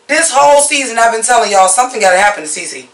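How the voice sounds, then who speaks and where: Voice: medium pitch, fast, echoey room, distant mic. A host giving a casual episode recap and review, blunt, profane and openly opinionated, mocking the scenes they dislike. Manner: animated, mocking.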